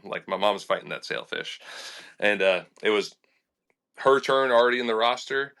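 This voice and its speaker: A young adult man, a fishing charter captain telling animated stories in a casual podcast interview, laughing and acting out quotes. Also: on the low side, moderate pace, gravelly. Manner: animated and laughing, with lots of fillers and acted-out quotes.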